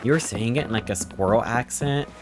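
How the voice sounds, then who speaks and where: A man's voice: mid-range voice, a little fast. A young man streaming a game, chatting casually with viewers in a playful, rambling, joking way as he reacts to chat. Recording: game music playing behind the voice.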